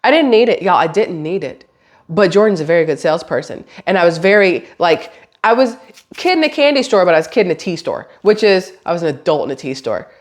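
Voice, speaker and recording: A woman's voice: lowish voice, very animated, quick pace. A woman, a mother, chatting casually to camera as a vlogger, rambling and swearing lightly. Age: adult, has a daughter.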